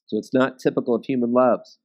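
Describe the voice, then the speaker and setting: A man's voice: medium pitch, steady tone, a little fast, darkish tone, highs cut off. A man leading a Bible study, teaching in a conversational way and often checking in with his listeners.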